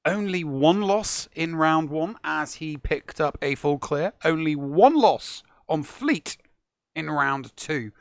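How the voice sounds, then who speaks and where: A man's voice: fairly high pitch, animated, takes it slowly, gravelly, dry recording, studio quality. A man with an English accent co-hosting a casual game-stats show, reading player summaries playfully with a slightly sore throat. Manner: playful, joking, reads summaries. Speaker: co-host.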